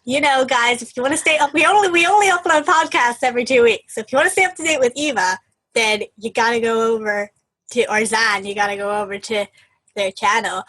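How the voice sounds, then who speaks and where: A young woman co-hosting a podcast in casual chat, laughing often and trailing off softly at the ends of lines. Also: fairly high pitch, brisk, low-quality recording. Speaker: podcast co-host.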